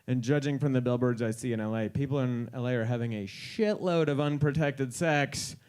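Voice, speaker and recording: A man's voice: medium pitch, a little fast, darkish tone, smooth. A man in his thirties doing a stand-up comedy set on a live stage, wry and incredulous, slipping into quoted voices.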